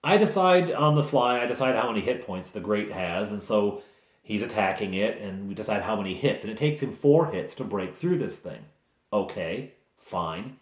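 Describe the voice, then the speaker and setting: A man's voice: fairly low pitch, lively intonation, normal speed, reverberant. A man, the game master, recounting a tabletop game session in a casual, digressive way full of asides and explanations.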